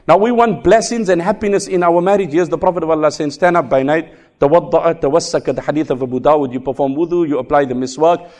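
A male preacher delivers a sermon at a brisk clip, his voice sitting fairly high. He tells stories in an animated way, acting out the people in them and rattling off quick Arabic recitations. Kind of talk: sermon on marriage with storytelling.

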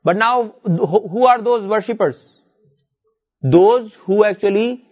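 High-voiced man teaching Arabic. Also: takes it slowly, long pauses, muffled recording. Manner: explains step by step, repeats words, reads Arabic verses aloud. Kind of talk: classroom lesson.

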